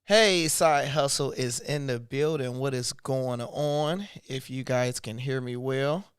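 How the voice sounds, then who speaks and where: A man from Michigan hosting a casual livestream, his voice a little hoarse, talking loosely and reading from his notes. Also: mid-range voice, takes it slowly, no echo, clean studio sound. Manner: loose and conversational, reads aloud from notes. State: slightly hoarse voice. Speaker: YouTube livestream host.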